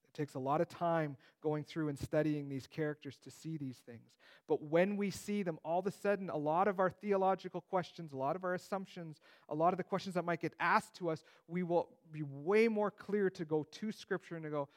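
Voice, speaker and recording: A man's voice: fairly high pitch, steady tone, brisk, few pauses. A man teaching through a Bible passage in a conversational way, with joking asides.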